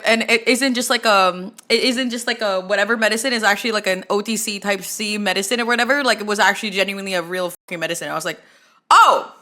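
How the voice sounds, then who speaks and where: A woman's voice: medium pitch, pushed and bright. A young woman from the Philippines chatting casually as a streamer while reacting to a video, rambling and swearing with lots of restarts.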